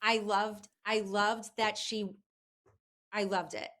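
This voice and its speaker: A woman guest in a casual interview, telling an animated story with lots of fillers. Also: mid-range voice, slow pace. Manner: chatty, animated, many fillers. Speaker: guest, publicist.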